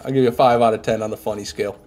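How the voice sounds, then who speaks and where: A man's voice: lowish voice, fairly even intonation, rapid-fire, darkish tone. A young man streaming a game live, chatting casually with viewers, reading chat aloud and swearing now and then, while sick with a head cold. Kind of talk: casual live gameplay commentary.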